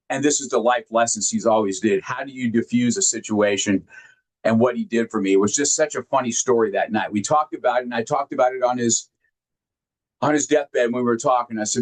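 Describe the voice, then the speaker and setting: A man giving a heartfelt motivational talk, sharing personal stories earnestly and emphatically, often halting and repeating words when moved. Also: medium pitch, slightly rough. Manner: emphatic, directly addresses listeners. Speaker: motivational speaker.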